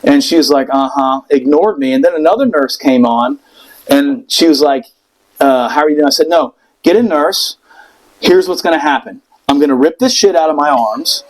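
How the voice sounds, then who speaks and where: A man telling a personal story in casual podcast chat, animated and profane, acting out the people in it. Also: a little high, moderate pace, poor audio. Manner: animated, profane, acts out voices in quotes.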